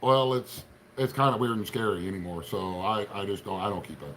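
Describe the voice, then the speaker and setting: On a livestream with slight background noise, a middle-aged man from Appalachian Ohio speaks briskly in a lowish, somewhat bright voice. His Appalachian accent carries folksy, rambling chatter as he greets viewers by name.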